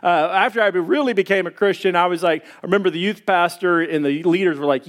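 A pastor preaching a sermon and telling a folksy personal story, acting out the voices of the people in it. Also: male voice, high-pitched, fast talker, few pauses. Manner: folksy, animated, acts out quoted voices.

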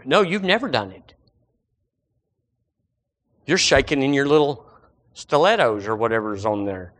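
A man preaching a sermon as pastor, animated and acting out the voices of his listeners. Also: medium pitch, normal speed, long pauses.

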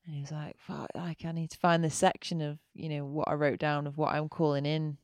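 A woman guest on a podcast, chatting candidly and giggling, with lots of drawn-out filler words. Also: low voice, level tone, no echo. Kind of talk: casual chat.

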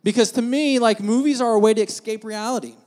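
Brief: male pastor, high voice, casual and joking, tells stories from the pulpit, long church reverb. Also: fast. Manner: casual, joking, animated storytelling. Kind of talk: storytelling sermon. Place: church sanctuary.

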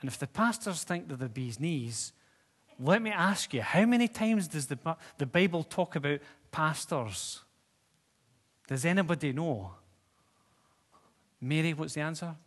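A man's voice: fairly high pitch, animated, measured pace, long pauses, husky. A man preaching a sermon in a church, talking conversationally and putting questions to the congregation. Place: church hall with seats. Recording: long reverb of a church hall.

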